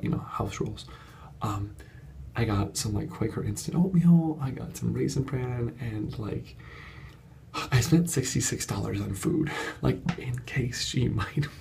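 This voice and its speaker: A chatty man telling a story to camera in a casual home vlog, his lowish voice gravelly and mellow. He rambles along with plenty of fillers, and a faint hiss of room ambience sits behind him. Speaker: vlogger and course coach. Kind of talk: unedited casual vlog monologue. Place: home studio apartment at night.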